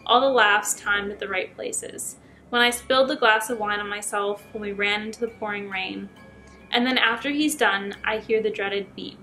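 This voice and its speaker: A woman YouTuber reading short scary stories aloud in a chatty, expressive way. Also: medium pitch, moderate pace, faint music behind. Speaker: YouTube storyteller.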